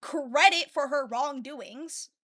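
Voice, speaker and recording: A woman hosting a livestream panel, talking loudly and encouragingly with lots of swearing. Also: sits high, slow pace. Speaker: stream host. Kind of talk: casual livestream chat.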